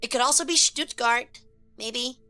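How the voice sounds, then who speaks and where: A woman streamer giving casual live game commentary, excitable and quick to swear, chatting with her viewers. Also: on the high side, soft background music. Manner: excitable, swears a lot when frustrated, chats with viewers.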